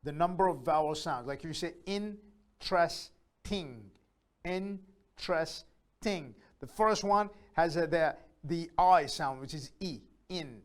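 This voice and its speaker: A man with a slightly raised pitch teaches beginners English. He talks them through each rule step by step, with the odd filler, and slowly says every example word several times so they can copy it. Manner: slow, repeats words aloud to model pronunciation; patient, explains step by step with fillers.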